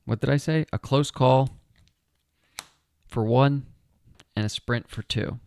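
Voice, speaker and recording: A man's voice: mid-range voice, slow, gravelly, a little mellow, clear, resonant tone, no room sound. A man talking himself through a solo board game playthrough, chatty and upbeat as he explains each move.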